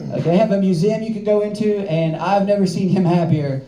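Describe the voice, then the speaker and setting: A man's voice: high-pitched, fairly quick, mellow. A young man from the American South doing a stand-up comedy set with a loose, rambling delivery full of filler words. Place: comedy club stage with live audience. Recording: roomy club with audience laughter.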